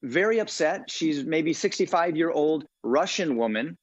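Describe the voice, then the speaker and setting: A man's voice: fairly high pitch, lively intonation, measured pace, no room sound. A middle-aged man being interviewed as a guest, telling stories animatedly with lots of uhs and ums. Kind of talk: casual interview talk. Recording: dull, dry lo-fi audio.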